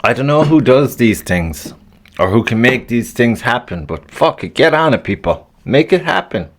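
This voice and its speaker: A man hosting a casual solo podcast rambles and grumbles with an annoyed edge, swearing freely and laughing at his own jokes. His medium-pitched voice is very animated at a normal speed.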